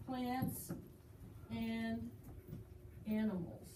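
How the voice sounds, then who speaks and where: High-voiced woman teaching a class. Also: steady tone, very slow. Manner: encouraging, praising students often. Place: school classroom. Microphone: recorded from across the room. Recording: echoey classroom from far off with noise.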